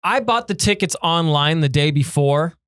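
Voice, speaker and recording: A young man co-hosting a podcast in casual chat, telling an animated story and acting out shouted lines with laughs. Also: a little high, normal speed, clear, resonant tone, no room sound, studio quality. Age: young adult. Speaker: podcast co-host.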